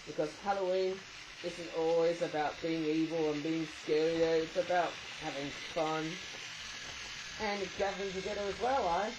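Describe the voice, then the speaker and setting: A man talks through a toy unboxing in a loose, chatty way, adding "eh?" to his remarks and dropping puns. His voice sits slightly higher than most men's, and he is still coughing from a recent flu and sore throat. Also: fairly even intonation, normal speed, noisy background. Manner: chatty, tags sentences with "eh?" and makes puns. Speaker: toy reviewer. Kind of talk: casual unboxing review.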